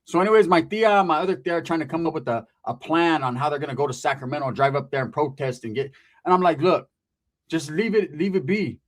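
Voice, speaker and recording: A man's voice: a little high, quick pace. A man from California telling a crude, rambling story full of slang and asides. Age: adult. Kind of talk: casual comic storytelling.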